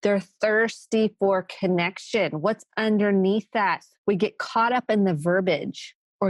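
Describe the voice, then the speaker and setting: A woman's voice: mid-range voice, unhurried, hardly any pauses, dry recording. Earnest woman therapist with a dry sound. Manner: earnest, emphatic, acts out quoted phrases. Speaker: podcast host, therapist. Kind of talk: solo podcast talk.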